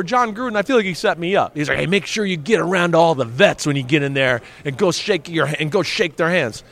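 Animated man telling stories. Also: a little fast, hardly any pauses. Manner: animated, acts out quotes with big pitch swings. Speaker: guest, former football player. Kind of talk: casual storytelling interview.

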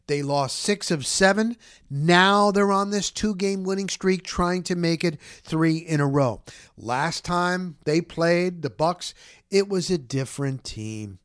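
A man's voice: high voice, slow, a bit bright, clean tone, no room sound, clean studio sound. A man hosting a casual sports talk show, rambling and repeating words for emphasis. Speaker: sports podcast host.

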